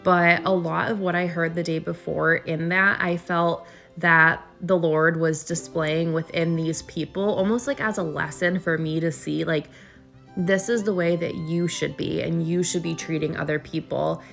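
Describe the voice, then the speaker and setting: Earnest rambling woman, lowish voice. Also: steady tone, measured pace, creaky, a bit bright, faint music behind. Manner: rambling, earnest, restarts often. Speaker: vlogger. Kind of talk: casual voiceover. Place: home.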